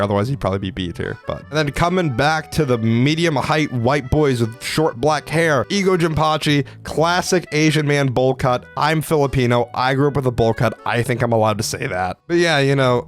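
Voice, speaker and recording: Young male vlogger, mid-pitched, casual and profane, excitable fan energy. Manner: profane, excitable, lots of "like" fillers. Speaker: anime video creator. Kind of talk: casual commentary ranking characters.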